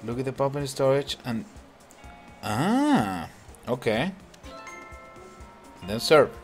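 A man hosting a gaming channel, chatting excitedly and laughing as he comments on a mobile cooking game. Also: mid-range voice, slow. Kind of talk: casual gameplay commentary. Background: game music.

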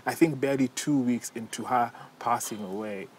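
A man in his forties from Kenya, a guest in an interview, speaking softly and haltingly with many restarts as he recounts a hard time. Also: mid-range voice, a little hiss or hum. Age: 40s. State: tearful. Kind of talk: emotional personal interview.

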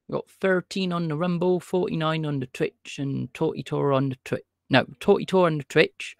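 A man's voice: fairly high pitch, normal speed, creaky, no echo, studio quality. A man hosting a livestream, chatting casually and greeting his viewers by name. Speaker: livestream host calling scammers.

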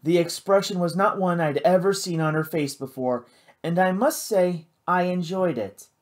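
An audiobook reader narrating a first-person adventure novel with a dramatic, expressive delivery. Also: medium pitch, normal speed. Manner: dramatic, lively reading.

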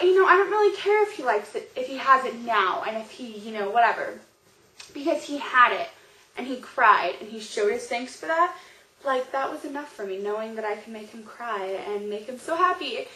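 Gushing young woman vlogger, high voice. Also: moderate pace. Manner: gushing, excitable, heavy use of "like". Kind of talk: casual storytelling vlog. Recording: roomy echo.

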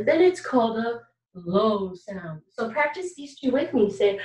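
A woman's voice: mid-range voice, animated, a little slow, a little mellow, echoey room, far from the mic, low-quality recording. A woman teaching a kindergarten music lesson, patient and encouraging, asking children questions and singing examples. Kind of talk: recorded online music lesson for young children.

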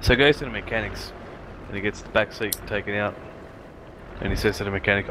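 A man's voice: fairly low pitch, fast, long pauses. A man leading a squad in casual gaming chat, swearing freely and spinning long joke stories. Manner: swearing, storytelling, does character voices in jokes. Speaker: squad leader. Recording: game audio noise behind.

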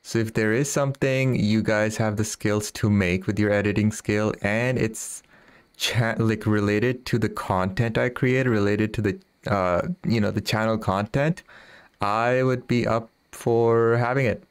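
A man's voice: on the low side, fairly even intonation, a little slow, clear, resonant tone, dry recording. A man chatting casually with viewers while streaming a fishing game, often laughing and reading their messages aloud. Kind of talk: casual live-stream chat.

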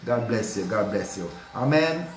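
A man's voice: fairly low pitch, expressive, moderate pace. A man leading morning prayer as a pastor, fervent and repetitive, stumbling over words and calling out hallelujah. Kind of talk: prayer and devotional sermon. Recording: roomy echo, faint background noise.

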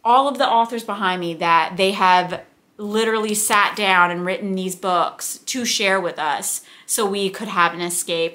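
A woman's voice: fairly low pitch, unhurried, sharp tone. A young woman from the United States, chatting casually and gushing about books, with rambling asides. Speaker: book vlogger. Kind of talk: casual chat.

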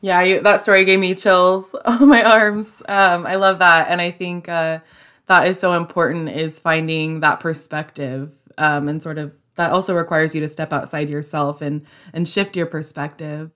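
A woman hosting an interview podcast, reacting warmly and wrapping up the talk. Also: lowish voice, level tone, normal speed, clear, resonant tone. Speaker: podcast host.

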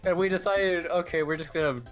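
A man's voice: high-pitched, fairly even intonation, a little fast, over music. A man chatting with friends while gaming, laughing between lines. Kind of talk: casual gaming chat.

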